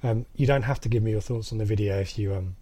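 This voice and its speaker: A man's voice: fairly low pitch, quick pace, dark tone. A man hosting a casual football podcast, chatty with many fillers and restarts. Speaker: podcast host.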